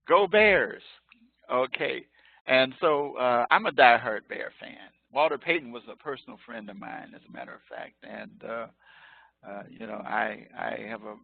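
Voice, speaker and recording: A man's voice: mid-range voice, creaky, no echo. A professor in his sixties from Chicago, giving a chatty, joking lecture that drifts off topic with frequent laughter. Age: 60s. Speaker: college professor. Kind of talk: informal online lecture. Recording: tinny phone-like line, dry.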